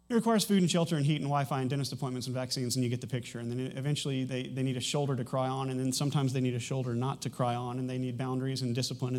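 A man's voice: medium pitch, darkish tone. A man in his thirties preaching a sermon as a pastor, talking conversationally with frequent restarts and a light humorous touch.

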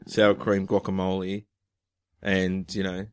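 A man's voice: deep voice, monotone, slow, clear, resonant tone, no room sound, studio quality. A man casually planning an improv comedy scene with friends, laughing often as he sets it up. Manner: laughs often, plays the police chief. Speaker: improv player.

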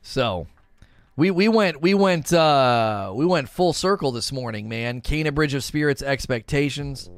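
A man hosting a casual livestream, reading viewer chat aloud and rambling in a relaxed way, often laughing and repeating himself. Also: medium pitch, measured pace, dry recording, faint music behind.

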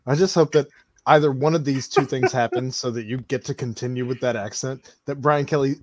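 A man co-hosting a sports podcast, relaxed and teasing in casual chat. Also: mid-range voice, a little fast, dry recording.

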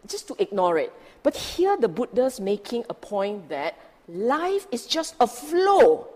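Female dharma teacher, unhurried, emphatic, rhetorical questions; long hall echo. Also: fairly high pitch, darkish tone. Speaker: Buddhist teacher. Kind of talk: dharma talk.

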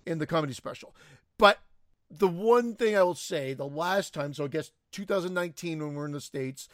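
Man podcast co-host, animated and swearing, high lively voice, dry sound. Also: a little fast, no room sound. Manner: animated, swears, laughs easily. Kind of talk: casual chat.

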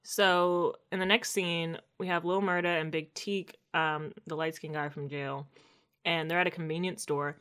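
A woman's voice: low voice, normal speed, smooth. A woman co-hosting a podcast, casually recapping a TV episode and acting out the characters' lines. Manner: animated storytelling, acts out quotes. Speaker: podcast co-host.

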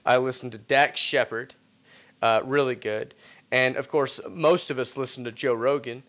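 A man's voice: medium pitch, steady tone, moderate pace, fairly bright tone. A man co-hosting a casual podcast, talking bluntly, swearing freely and stumbling over repeated words as he starts sentences. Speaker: podcast co-host.

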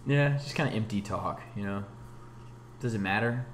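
A man's voice: lowish voice, normal speed, slight background noise. A young man co-hosting a podcast, laid-back and rambling in casual chat. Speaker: podcast co-host. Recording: echoey room.

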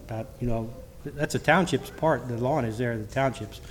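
A middle-aged man preaching a church sermon with personal testimony. He speaks haltingly, restarting often, and reads scripture in King James wording. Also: medium pitch, a little hiss or hum. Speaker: lay preacher.

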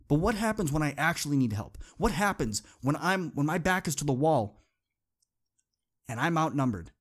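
A man's voice: on the high side, animated, fairly quick. A man hosting a motivational podcast, telling a personal story in an earnest, conversational way and repeating phrases for emphasis. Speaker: podcast host.

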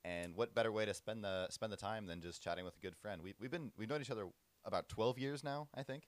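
Young guy with a very deep, smooth voice, easygoing podcast co-host. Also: quick pace, no echo. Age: young adult. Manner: relaxed, easygoing storyteller. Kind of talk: casual chat, storytelling.

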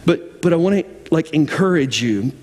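Pastor preaching in a reverberant hall. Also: male voice, a little high, animated, normal speed, darkish tone. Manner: conversational, frequent "like" and restarts. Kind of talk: sermon. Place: church sanctuary with balcony.

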